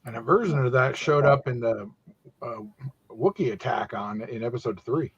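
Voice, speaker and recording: A man's voice: medium pitch, normal speed, dull audio. A man in his fifties, a guest on a video call, offering trivia and dry quips. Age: 50s.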